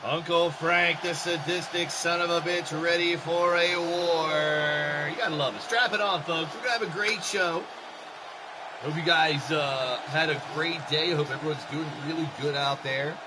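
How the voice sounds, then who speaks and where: A man doing joking, excitable solo play-by-play for a wrestling game show he hosts. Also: moderate pace, background noise. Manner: excitable, joking, shouts and jumps in pitch at big moments. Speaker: wrestling commentator and show host.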